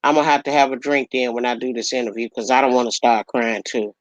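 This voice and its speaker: A woman's voice: extremely low pitch, steady tone, quick pace, dry recording, rough recording. A woman hosting a casual livestream chat, talking affectionately and calling people baby and honey. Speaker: livestream host.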